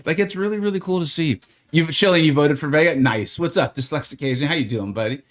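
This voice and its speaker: A man's voice: on the high side, quick pace. Chatty male game streamer. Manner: friendly, greets chatters by name; rambling, with many fillers. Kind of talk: casual live-stream chat.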